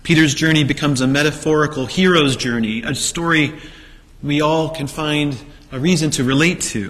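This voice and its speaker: A man's voice: on the high side, normal speed, a bit bright. A man preaching a sermon, telling the story with rhetorical questions and acted-out quotes. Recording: long hall reverb.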